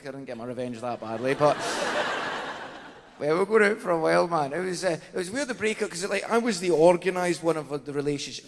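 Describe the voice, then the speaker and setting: Scottish male comic, self-mocking patter, brighter-pitched, playing a big theatre with a long echo. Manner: chatty, self-mocking, says "man" a lot. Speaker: stand-up comedian. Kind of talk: stand-up comedy set. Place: large theatre stage. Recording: theatre stage reverb, faint noise.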